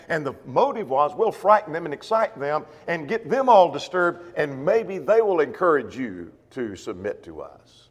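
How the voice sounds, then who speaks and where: A man's voice: a little high, sing-song, moderate pace, hardly any pauses, husky. Man teaching Bible class in echoey hall. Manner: reads scripture aloud and explains it, with frequent fillers. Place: church.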